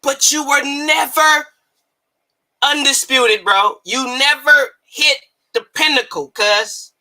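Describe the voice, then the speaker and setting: Sharp-voiced man ranting about boxing. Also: very high-pitched, takes it slowly. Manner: heated, profane, repeatedly shouting. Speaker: boxing commentator. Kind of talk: ranting commentary.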